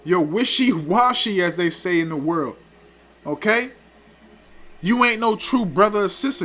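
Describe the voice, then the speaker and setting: Scolding high-voiced male preacher. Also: a bit bright. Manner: preachy, scolding, repeats "man" and "okay". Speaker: teacher of a religious group. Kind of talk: scripture teaching.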